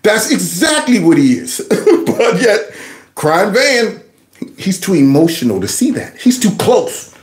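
A man's voice: sits high, big pitch swings, unhurried, echoey room. A man hosting a reaction commentary, laughing and sarcastic as he mocks a clip. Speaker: host.

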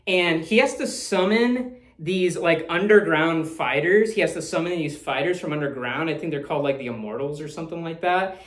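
A man's voice: fairly high pitch, moderate pace. A man talking casually as the host of a movie review, rambling, swearing freely and laughing often. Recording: roomy echo.

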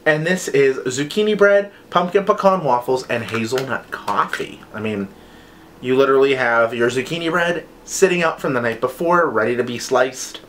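A man's voice: medium pitch, normal speed, fairly bright tone, a little hiss or hum. A man chatting enthusiastically and playfully as he reviews scented wax melts in a casual haul video.

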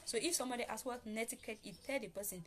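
A woman's voice: a little high, fast talker, slight background noise. A woman hosting a casual spoken lesson on online manners, repeating her points emphatically and explaining them step by step. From Africa. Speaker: host teaching online manners.

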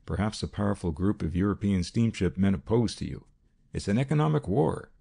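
A man voicing a keyed-up adult male detective in an audiobook, speaking low and insistently. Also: sing-song, a little fast, gravelly, warm tone, slightly rough, full character voice. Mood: urgent. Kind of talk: audiobook character reading.

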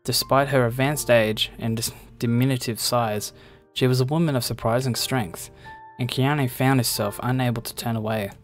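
A man's voice: mid-range voice, steady tone, moderate pace, faint music behind. Man narrating a game's story text. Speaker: reader of game story text.

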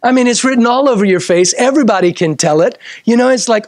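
A man's voice: sits high, sing-song, dry recording. Emphatic preacher man, dry sound. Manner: emphatic, repeats key phrases for weight; shifts between slow, drawn-out lines and quick bursts. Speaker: pastor. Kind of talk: sermon. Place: church service.

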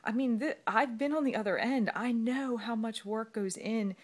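A woman's voice: a little high, moderate pace. A woman talking from her bed at home into a phone camera, rambling and emotional as she holds back tears. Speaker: fitness coach. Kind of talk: emotional video message.

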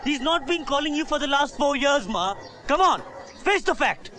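A man's voice: very high voice, lively intonation, moderate pace, bright, forceful tone, full character voice. An actor playing a bitter, self-loathing young son who rants and repeats himself at his mother in a film drama.

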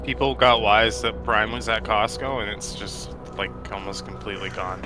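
A man's voice: on the low side, moderate pace. Joking man gaming with game music. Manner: joking and excitable. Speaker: co-op gamer. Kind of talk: casual let's-play chat.

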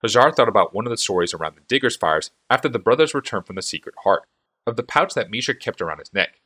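A man's voice: on the low side, lively intonation, quick pace, pushed and bright, slightly rough. A man reading a fantasy novel aloud as a fan audiobook, telling the story expressively. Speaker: audiobook narrator.

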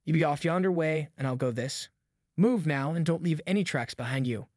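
A man voicing a vengeful, menacing rough backwoods man, with a cold, threatening drawl, in an audiobook. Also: fairly high pitch, normal speed, darkish tone, no room sound, clean studio sound, close to an everyday voice.

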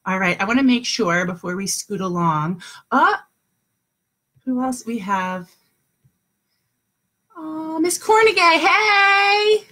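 A middle-aged woman teaching kindergartners over a video call at home, with a lively, sing-song teacher voice. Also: medium pitch, breathy edge. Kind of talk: online morning class for young children.

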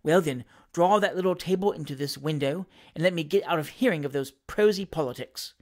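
A reader voicing a sharp-tongued, domineering middle-aged wife who speaks curtly and scornfully, lower and quieter than the narration. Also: a little fast, natural voice. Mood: brisk.

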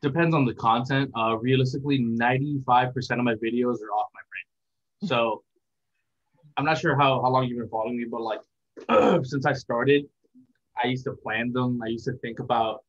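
A young man giving a casual interview as a content creator, talking in a relaxed, rambling, reflective way. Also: mid-range voice, moderate pace. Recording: dull lo-fi sound.

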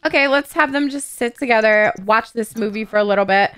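A woman giving casual gameplay commentary in an excitable, gossipy and profane way. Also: a little high, brisk, clear, resonant tone, dry recording. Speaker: gaming YouTuber.

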